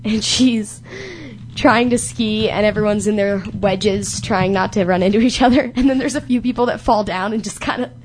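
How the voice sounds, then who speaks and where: A woman's voice: mid-range voice, steady tone, moderate pace, slight background noise. A young woman hosting a casual chat, telling rambling stories and laughing easily. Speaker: host.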